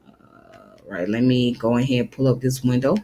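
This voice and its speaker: A man presenting a history video in a relaxed way, reading from a web page and commenting loosely as he goes. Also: mid-range voice, moderate pace, slight background noise.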